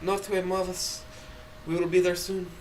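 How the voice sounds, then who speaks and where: A man's voice: high voice, level tone, a little fast, a little hiss or hum, voice pushed up, close to an everyday voice. A man reading a story aloud on stream, voicing a chirpy, caring young woman who drives. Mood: cheery. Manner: bright, fussing, concerned.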